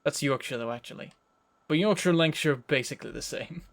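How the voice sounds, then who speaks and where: A man from northern England with a softened northern English accent, rambling and chatty as he streams a game. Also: fairly high pitch, quick pace. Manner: rambling, chatty, self-correcting. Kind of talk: casual live-stream game commentary.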